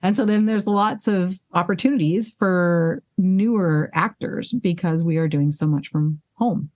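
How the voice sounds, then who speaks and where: A woman with a fairly low voice talks candidly about her voice work as an interview guest. She is animated, swears freely and laughs at herself, and hiccups keep breaking into her speech. The sound is dry and close. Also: unhurried, no room sound. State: hiccuping and burping. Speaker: voice actress and singer, guest. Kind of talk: casual interview conversation.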